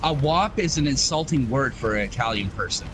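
A man's voice: medium pitch, lively intonation, brisk, noisy background. A man chatting casually while gaming, telling rambling stories, swearing and laughing often. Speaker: game player. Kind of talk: casual gaming chat with storytelling.

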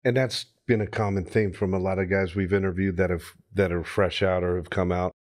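A man's voice: sits low, steady tone, a little fast. A man hosting a casual interview, friendly and easygoing, calling the guest bro. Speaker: interview host.

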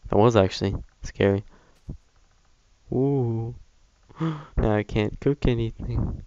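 A young man giving casual, chatty gameplay commentary as a Let's Play gamer, self-mocking and prone to excited outbursts. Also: medium pitch, takes it slowly, pauses often, lo-fi sound, a little hiss or hum.

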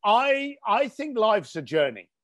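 A man's voice: high-pitched, very animated, unhurried, a bit bright, highs cut off. A middle-aged man from East London, a guest entrepreneur and author, telling stories in a casual interview in a blunt, emphatic way. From East London, England.

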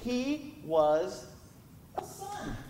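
Preaching in a church sanctuary, a pastor tells a story and builds to impassioned emphasis in an extremely high, slightly mellow voice with huge pitch swings and a very slow delivery. The echoey room comes through, along with a little hiss or hum.

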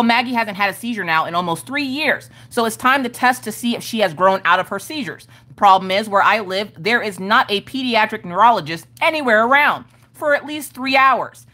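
A woman in her thirties hosting a livestream, telling stories in a chatty, animated, profane way. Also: a little high. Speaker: livestream host. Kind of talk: casual storytelling chat.

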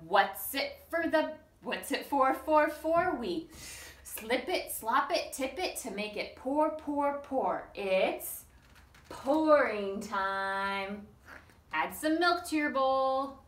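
Female storytime reader, slow sing-song delivery, coaxing little kids to join in; slightly high voice. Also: animated. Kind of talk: reading a picture book aloud to young children. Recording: echoey room, mic at a distance.

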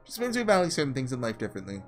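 A man voicing an earnest, principled young ruler, reading in a measured, formal way. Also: medium pitch, huge pitch swings, soft background music, voice pushed down.

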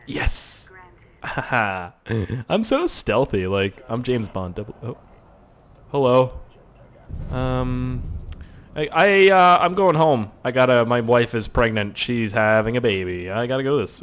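A lively young man commentating a game he is playing, with a voice that swings up and down a lot. He jokes, swears and slips into goofy voices for the people on screen. A faint hiss of noise sits under the recording. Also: fairly low pitch, a little slow. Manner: joking, profane, puts on silly voices for characters. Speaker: gaming YouTuber. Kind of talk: let's play commentary.

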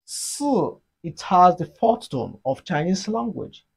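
A Mandarin teacher giving an online lesson, explaining slowly and deliberately and leading repeat-after-me drills. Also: mid-range voice, sing-song, gravelly, husky. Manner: slow, deliberate explaining, modeling sounds for learners.

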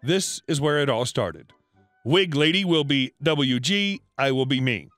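A man reading a written story aloud as a narrator, with even, read-aloud delivery. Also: mid-range voice, unhurried, dry recording. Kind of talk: scripted narration. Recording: dry close voice with faint music.

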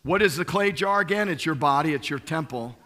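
A man's voice: on the high side, animated, brisk, sharp tone, a little hiss or hum. A man preaching as lead pastor to a live congregation. He talks with emphasis, repeats key phrases and keeps asking the room questions. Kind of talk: sermon. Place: church sanctuary.

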